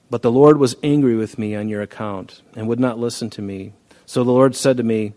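A man's voice: medium pitch, a little fast, mellow. Man preaching a conversational sermon. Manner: conversational preaching, acts out dialogue voices. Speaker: pastor.

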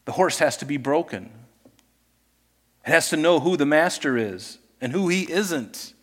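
A man's voice: fairly high pitch, measured pace. Man preaching in a reverberant hall. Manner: conversational preaching with animated retellings of scripture scenes. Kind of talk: sermon.

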